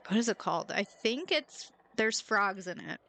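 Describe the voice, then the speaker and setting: Bright, playful woman streamer. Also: medium pitch, expressive, normal speed, low-quality recording. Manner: chatty and playful, giggling at her own jokes. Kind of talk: casual chat while gaming.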